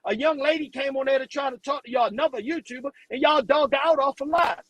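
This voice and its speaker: High-pitched guy going off on his live stream, cussing a lot, repeats himself when he's mad, dead dry audio. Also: fast talker, fairly bright tone, no room sound, rough recording. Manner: profane, blunt, repeats words when riled. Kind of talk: heated livestream rant.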